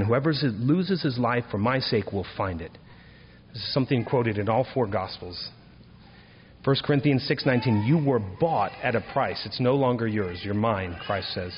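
A man preaching a sermon, building from steady explanation to emphatic, higher-pitched appeals on key points. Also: moderate pace, breathy edge, in a large hall, lo-fi sound. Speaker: pastor.

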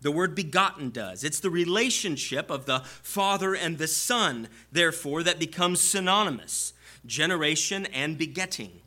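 A man's voice: on the high side, lively intonation, moderate pace, pushed and bright. A man preaching a sermon to his congregation, explaining scripture and building to emphatic peaks.

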